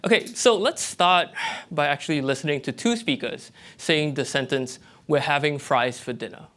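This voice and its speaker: A young man with a Malaysian English accent, giving a lively, explanatory TED-style talk as a graduate student presenter and checking in with his audience. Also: a little high, normal speed.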